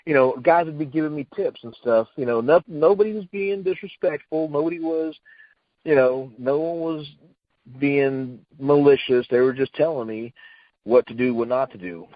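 A retired wrestler, middle-aged and appearing as a guest, speaks on the high side at a normal speed in phone-quality sound with no echo. His old story comes out casual and meandering, heavy on fillers and restarts, with quotes acted out.

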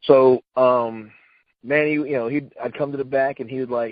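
A man's voice: mid-range voice, fairly even intonation, normal speed, dry recording. Middle-aged guy telling stories, lots of um and uh, kinda muffled lo-fi sound. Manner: rambling, many fillers and restarts, acts out quotes. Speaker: retired wrestler guest. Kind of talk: casual storytelling.

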